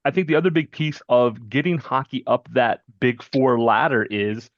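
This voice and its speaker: A man's voice: medium pitch, moderate pace, no room sound. A man from North Carolina hosting a podcast who talks casually and keeps checking in with "right?" and "you know". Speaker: podcast host. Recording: dry, dull lo-fi sound.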